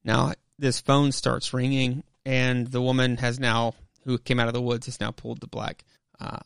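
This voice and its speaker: A man's voice: medium pitch, completely flat delivery, normal speed, vocal fry, a bit bright, clear, resonant tone, dry recording, clean studio sound. A man hosting a podcast, casually retelling a comic book with many fillers and asides. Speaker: podcast host.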